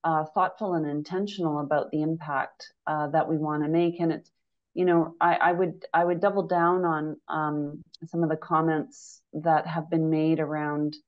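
A woman on a conference panel speaking about her organization, halting with many ums and restarts. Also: low-pitched, little pitch movement. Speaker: credit union executive panelist. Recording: dull lo-fi audio.

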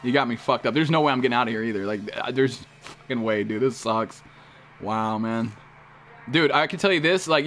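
A young man streaming a survival game, talking casually in heavy slang and swearing, sometimes breaking into panicked yelling. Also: medium pitch. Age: teens. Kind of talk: casual gameplay commentary. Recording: game music behind the voice.

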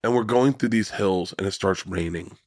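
Animated, profane male storyteller on a dry mic. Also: normal speed, dry recording. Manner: animated and profane, often jumping into high excited quoted voices. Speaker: podcast guest comedian. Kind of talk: casual storytelling conversation.

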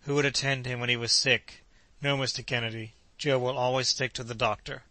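A man's voice: mid-range voice, little pitch movement, a little fast, sharp tone, no echo, close to an everyday voice. A man voicing a cheerful, loyal young manservant who talks eagerly in an audiobook.

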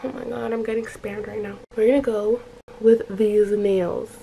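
Chatting to her phone camera in her bedroom, a young adult woman speaks in a fairly high, warm voice with vocal fry, fairly even intonation, and a moderate pace. Her allergies and runny nose leave her a bit stuffy as she rambles, saying "like" constantly, on a rough recording with slight background noise.

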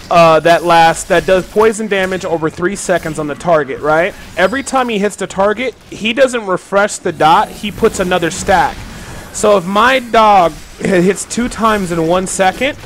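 A man's voice: high-pitched, slight background noise. A tired, yawning man giving casual gameplay commentary, explaining the mechanics to viewers as he plays. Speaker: game streamer. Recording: game music playing loudly behind. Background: game music.

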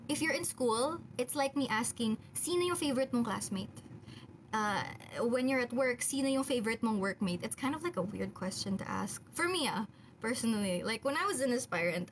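A young Filipino-accented woman talks into her phone on a casual livestream, reading out comments and answering with easy laughter. Her voice sits a little high, with faint room noise behind her. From Philippines. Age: young adult. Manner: reads viewer comments aloud and answers them chattily, laughs often. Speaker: idol group member on a livestream. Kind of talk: casual livestream chat, mixing English and Filipino.

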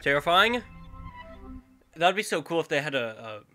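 A man with a stuffy nose commentating a horror game as he plays, jumpy and quick to yell back at the enemies. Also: a little high, big pitch swings, soft background music. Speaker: gaming YouTuber. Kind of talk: horror let's-play commentary.

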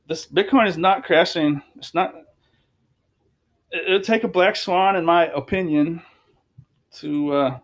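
A man's voice: fairly high pitch, a little slow, pauses often. A man giving casual, emphatic commentary over charts, repeating phrases and restarting sentences. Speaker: crypto commentator.

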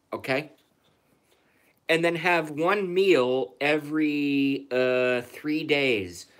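A man's voice: mid-range voice, fairly bright tone. A man chatting casually on his live stream, rambling, sarcastic and profane, often repeating himself.

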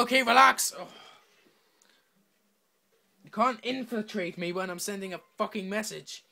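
A man's voice: high-pitched, moderate pace, vocal fry, pauses often, bright, forceful tone. A man giving brash, swearing commentary over his own gameplay, talking to himself and taunting other players. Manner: brash, swearing trash talk. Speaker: gamer.

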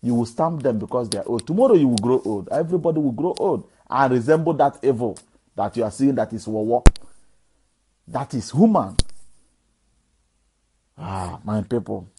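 A native Igbo speaker with a Nigerian Igbo accent, this activist makes an impassioned direct-to-camera appeal to his followers, preachy and packed with rhetorical questions. His mid-range voice is animated and mellow at a normal speed, broken by long pauses. The rough recording carries a slight hiss or hum.

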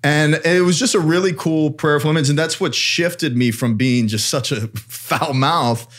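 A man's voice: a little high, normal speed, fairly bright tone. A man who is a priest, co-hosting a casual panel discussion and sharing reflective personal stories with easy laughter. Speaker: priest and co-host.

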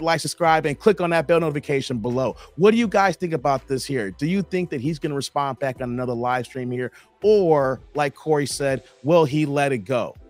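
A man hosting a YouTube commentary channel, earnestly summing up and asking viewers what they think. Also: mid-range voice. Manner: earnest, asks the viewers questions. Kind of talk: direct-to-camera commentary.

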